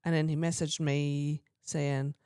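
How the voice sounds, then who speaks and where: A woman's voice: deep voice, a little slow, dry recording, studio quality. A woman, co-hosting a podcast and telling a long personal story in casual chat, acting out the voices of the people in it. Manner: chatty, quotes people in lively voices, frequent throat clearing. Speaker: podcast co-host.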